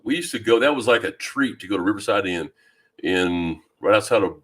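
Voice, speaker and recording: Man from louisiana, deep low voice, easygoing live-stream chat, reads comments aloud, lots of ums. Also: expressive, brisk, fairly bright tone, husky. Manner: easygoing, greets viewers by name, many ums and restarts. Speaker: fishing channel host. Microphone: new microphone.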